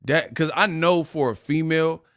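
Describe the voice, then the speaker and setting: A man's voice: fairly high pitch, normal speed, fairly bright tone, no echo, clean studio sound. A man hosting a casual boxing livestream, laughing often and trash-talking his chat readers.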